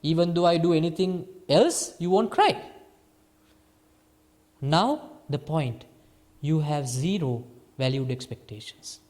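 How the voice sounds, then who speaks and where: Soft-spoken Sri monk, high voice. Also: male voice, slow pace, pauses often. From Sri Lanka. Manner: lively teaching, swings between soft and emphatic. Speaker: Buddhist monk teacher. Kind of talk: dharma talk to a small group.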